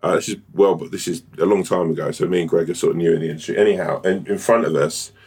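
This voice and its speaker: A man co-hosting a podcast in casual chat, chatty and quick to tell anecdotes, swearing now and then. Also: sits low, fairly even intonation, a little mellow, breathy edge. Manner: chatty, swearing, tells anecdotes with put-on voices. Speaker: podcast co-host.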